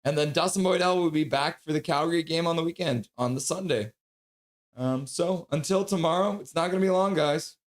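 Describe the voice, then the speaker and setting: A man hosts a live fan stream in a loose, chatty way. His voice sits a little high for a man. He runs through chat messages and donations one after another. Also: brisk. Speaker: streamer host. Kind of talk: casual stream sign-off, reading chat.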